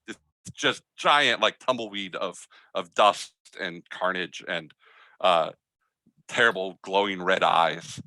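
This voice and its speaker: A man narrating a tabletop game as game master, telling the scene in a loose, halting way with many fillers. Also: lowish voice, sharp tone, no echo. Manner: hesitant, filler-heavy storytelling.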